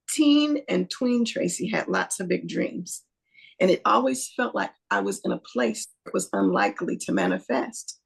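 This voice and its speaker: A woman from Ohio with a heavily gravelly, husky voice answers an interview question. She talks thoughtfully about her own past and sets the scene like a storyteller. Her pitch sits at a middle level. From East Cleveland, Ohio. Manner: thoughtful, storytelling, speaks of her younger self. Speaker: guest filmmaker.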